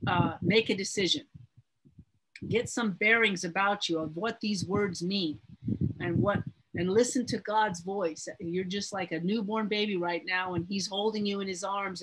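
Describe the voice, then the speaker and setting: A woman's voice: medium pitch, husky, low-quality recording. A woman teaching a Bible study class in an earnest, emphatic way, often repeating her words.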